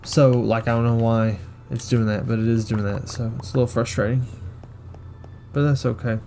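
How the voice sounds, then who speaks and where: A man's voice: mid-range voice, steady tone, moderate pace, dark tone, slight background noise. A young man rambling and joking through casual gameplay commentary. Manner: rambling, joking, self-mocking. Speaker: gaming streamer.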